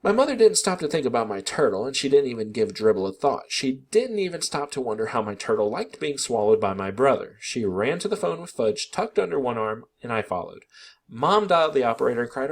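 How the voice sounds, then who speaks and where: A man reading a children's book aloud in an expressive, animated narration. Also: mid-range voice, a little fast.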